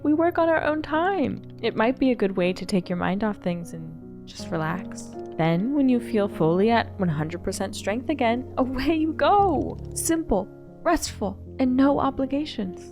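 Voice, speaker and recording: A woman voicing a gentle, unhurried tea shop keeper in a video game, speaking formally and coaxing someone to rest. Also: on the high side, pitched above the performer's own voice.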